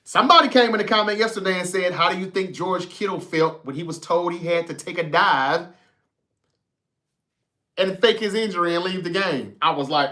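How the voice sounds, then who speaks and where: A man hosting a casual sports talk livestream, reading viewer comments and talking straight to the chat with a profane, animated manner. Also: sits high, fairly quick. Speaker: sports talk show host.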